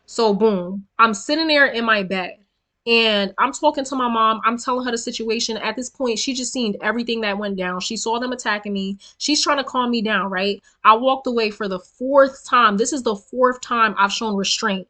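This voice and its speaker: Bright-voiced young woman ranting a storytime. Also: a little high, moderate pace. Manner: animated, profane and emphatic, talking straight to viewers. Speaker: storytelling vlogger. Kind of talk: casual storytime rant.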